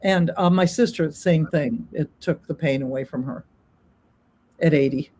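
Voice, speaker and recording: A woman's voice: low-pitched, unhurried, warm tone. An older woman sharing her own experience as a guest, rambling and chatty with many ums. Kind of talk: casual testimony.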